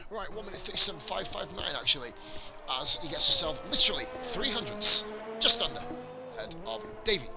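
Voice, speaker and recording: A man's voice: high-pitched, a little fast, vocal fry, over music. A man giving casual live commentary on a sim racing league stream, swearing and chatting with viewers between calls of the action. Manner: casual, sweary, rambling banter with chat. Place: home streaming setup.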